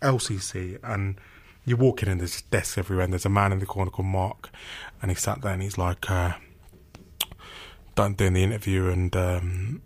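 Speaking at normal speed, a young male guest tells an animated story, playing both sides of old conversations and jumping up in pitch for the lines he quotes.

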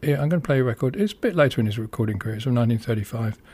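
A man's voice: mid-range voice, lively intonation, racing, mellow, slightly rough. A man presenting a music show, talking unscripted and hesitantly with many ums and restarts. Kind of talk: casual unscripted radio-style introduction.

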